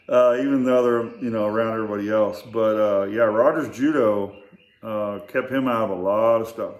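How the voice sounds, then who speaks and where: An older man casually telling family stories, in a rambling, halting way with many fillers and restarts. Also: fairly low pitch, fairly even intonation. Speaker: storyteller. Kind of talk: casual storytelling. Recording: echoey room.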